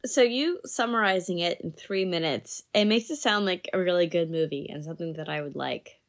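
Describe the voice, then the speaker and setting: A woman in her thirties co-hosting a casual film podcast, rambling in a relaxed way with lots of fillers. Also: fairly low pitch, brisk. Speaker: podcast co-host. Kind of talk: casual movie review chat.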